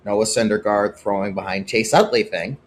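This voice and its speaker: Guy doing his own podcast, opinionated solo talk, gets worked up then goes quiet and serious. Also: on the low side, moderate pace, a little hiss or hum. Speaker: podcast host.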